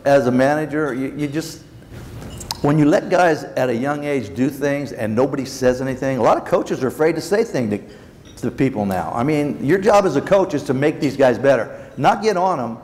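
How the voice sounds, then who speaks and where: A man's voice: mid-range voice, expressive, moderate pace, a little mellow. Older man telling blunt stories. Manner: blunt, acts out quoted dialogue. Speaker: former baseball manager, keynote guest. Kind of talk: anecdotal storytelling in a Q&A. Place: large banquet hall. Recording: long reverb in a large hall, faint room noise.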